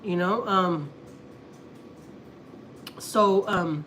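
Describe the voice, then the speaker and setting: A woman's voice: lowish voice, extremely slow, a bit bright, slight background noise. A woman from Houston in her thirties, chatting casually on a family livestream and rambling through a personal story as she acts out what people said. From Houston, Texas.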